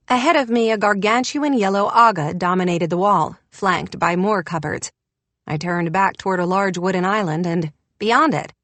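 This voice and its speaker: A woman's voice: medium pitch, a bit bright, dry recording. A woman reading an audiobook in a wry, descriptive narration. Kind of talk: scripted narration.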